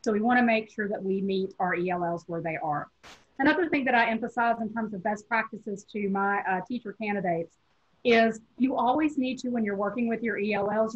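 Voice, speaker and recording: Husky Southern woman giving a teacher webinar. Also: medium pitch. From Tennessee, USA. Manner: measured, explanatory, addresses teachers directly. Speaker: teacher educator. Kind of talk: webinar lecture. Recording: dull lo-fi webinar audio.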